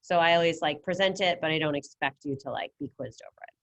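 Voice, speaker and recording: A woman's voice: deep voice, fast talker, a bit bright. A woman teaching a Spanish class over a video call, patient and encouraging as she explains step by step. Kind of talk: online class lesson. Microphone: computer mic on video call.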